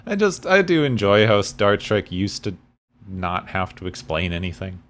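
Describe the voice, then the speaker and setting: A man's voice: fairly low pitch, big pitch swings, normal speed. A man co-hosting a podcast in casual chat, with wry, dry humor. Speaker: podcast co-host.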